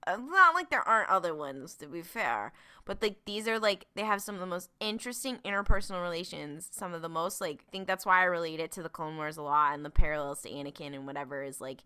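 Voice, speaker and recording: A woman's voice: on the low side, lively intonation, fast talker, pushed and bright, smooth. A woman co-hosting a podcast, chatting casually and animatedly, swearing and laughing often. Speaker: podcast co-host. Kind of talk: casual chat.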